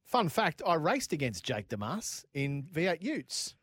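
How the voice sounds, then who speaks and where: A man's voice: on the high side, very animated, a bit bright, slightly rough, dry recording. Jokey Australian man co-hosting in a dry studio. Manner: jokey, laughs often, tells quick anecdotes. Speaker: radio co-host. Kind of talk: casual motorsport banter. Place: radio studio.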